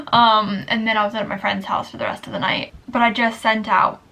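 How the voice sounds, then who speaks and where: Woman, casual vlog talk, excitable, chatty, high-ish voice. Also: normal speed, a little hiss or hum. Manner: excited, chatty, lots of "like" fillers. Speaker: vlogger.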